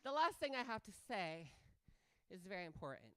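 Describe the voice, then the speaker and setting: A woman's voice: medium pitch, big pitch swings, brisk, clear, resonant tone, no room sound. A woman hosting a live event as a flamboyant drag performer, joking with the crowd and leading a guided breathing exercise. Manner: flamboyant, loud and playful with the crowd.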